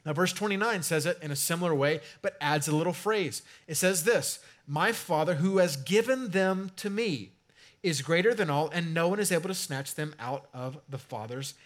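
A man preaching a sermon as pastor, talking casually, then swelling into emphatic, drawn-out stresses. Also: on the high side.

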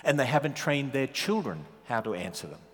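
Man, Australian accent, guest preacher, sermon, rhetorical questions, mid pitch, long hall reverb. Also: brisk. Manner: animated, rhetorical questions, joking asides. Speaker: guest speaker. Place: large church hall.

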